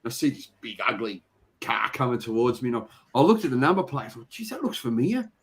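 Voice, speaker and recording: Lively chatty Australian man. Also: mid-range voice, fast. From Victoria, Australia. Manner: chatty storyteller, easily sidetracked, laughs often. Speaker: host. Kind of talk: casual live-stream chat. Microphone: video call.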